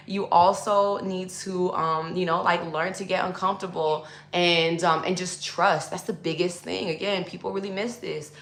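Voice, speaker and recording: A woman's voice: lowish voice, a bit bright. A woman speaking as a spiritual coach in a loose, casual monologue to viewers. She uses lots of fillers and calls her listeners y'all. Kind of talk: casual teaching monologue to camera. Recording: echoey room.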